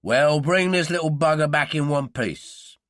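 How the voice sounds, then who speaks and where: A man voicing a blunt older gangster, pitched above his own voice. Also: unhurried, fairly bright tone, no room sound, clean studio sound. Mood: gruff.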